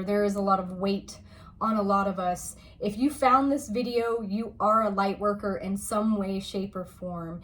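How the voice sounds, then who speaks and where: A woman giving a gentle, reassuring spiritual card reading, speaking slowly and at times getting emotional. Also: medium pitch. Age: adult parent of a school-age child. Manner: gentle, reassuring, slow, grows tearful and emotional. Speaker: oracle card reader.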